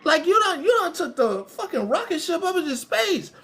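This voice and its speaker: A woman's voice: extremely high pitch, very animated, moderate pace, a bit bright. A woman hosting a livestream, ranting at her chat and trolls in a casual, profane way and laughing often. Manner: profane, laughing, talks straight back to trolls. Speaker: livestream host.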